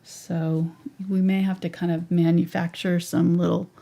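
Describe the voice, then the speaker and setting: A woman's voice: on the low side, flat delivery, measured pace, gravelly, warm tone. A woman teaching a live painting tutorial in a chatty way, thinking aloud and sometimes whispering to herself. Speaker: painting instructor.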